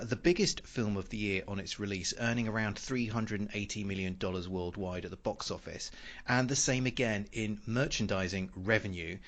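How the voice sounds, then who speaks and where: A man hosting a film podcast, moving between casual chat and a read synopsis, with a halting delivery. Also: fairly low pitch. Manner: halting, with many pauses while reading. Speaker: podcast host.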